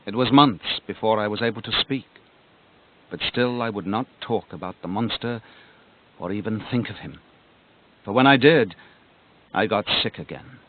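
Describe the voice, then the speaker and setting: A man narrating a storybook on cassette, dramatic, sinking to a hush at the quiet moments. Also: fairly low pitch, normal speed, long pauses. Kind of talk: cassette audiobook reading. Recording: tinny lo-fi cassette with music.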